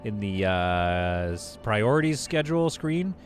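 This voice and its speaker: A man's voice: fairly low pitch, very animated, unhurried, faint music behind. A man streaming a game live, thinking aloud as he plays, chatting with viewers and laughing easily. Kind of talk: live gameplay commentary.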